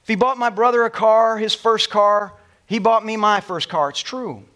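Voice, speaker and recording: A middle-aged man preaching, telling a family story from the pulpit with emotion and dropping to soft, quiet tones at tender moments. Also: high-pitched, moderate pace. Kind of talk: sermon storytelling.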